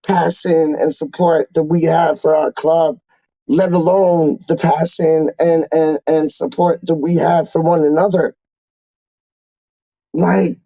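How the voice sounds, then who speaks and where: A man's voice: fairly high pitch, gravelly, mellow, no echo, dull audio. A man hosting a fan channel, talking in a casual, slangy and emotional way with many repeated exclamations.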